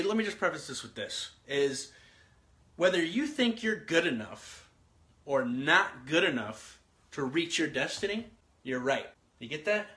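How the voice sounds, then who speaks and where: A man, likely in his thirties, giving a casual motivational talk, energetic and repetitive, asking his listeners questions as he writes out an outline. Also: on the high side. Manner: energetic, repeats himself, asks the listener questions; works through an outline, writing as he talks. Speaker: motivational speaker.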